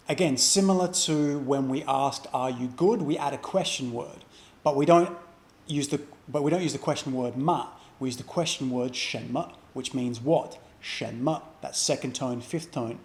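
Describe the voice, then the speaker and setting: A man teaching a beginner language lesson, explaining slowly and repeating example phrases with care. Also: mid-range voice, darkish tone. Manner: slow, careful repetition of example phrases.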